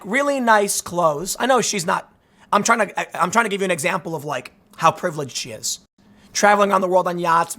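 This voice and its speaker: A man hosting casual political commentary, rambling and animated, repeating himself and acting out imagined exchanges. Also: high-pitched. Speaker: commentary host.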